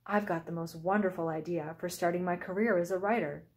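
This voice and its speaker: A woman voicing an eager young girl who dreams of being a writer, in an excited, enthusiastic way, in a storybook read-aloud. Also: on the low side, brisk, lightly acted.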